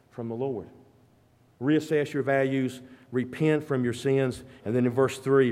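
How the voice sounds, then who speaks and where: A man preaching a sermon, rising to loud, fervent peaks and dropping to quiet, low passages. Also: long reverb tail. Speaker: pastor.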